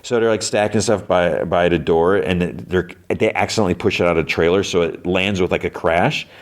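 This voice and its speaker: A man's voice: low voice, steady tone, fairly quick. A man hosting a podcast, recapping a cartoon episode in a rambling way full of fillers. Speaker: podcast host.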